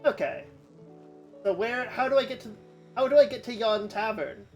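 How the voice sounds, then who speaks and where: A woman's voice: a little high, lively intonation, normal speed, darkish tone, faint music behind. A woman streamer giving casual, wry commentary while playing a video game.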